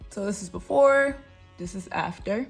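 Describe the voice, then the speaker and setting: A woman's voice: mid-range voice, moderate pace, gravelly, over music. A young woman chatting through her makeup tutorial, playful and encouraging as she talks to her viewers. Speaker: beauty vlogger. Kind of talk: casual makeup tutorial chat.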